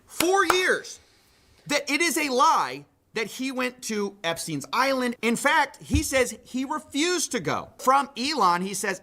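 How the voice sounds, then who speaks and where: A man's voice: very high-pitched, very animated, a little slow, sharp tone. A man hosting a commentary show, reading out reports and quotes with sardonic asides. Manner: sardonic, reads quotes aloud. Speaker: commentary host.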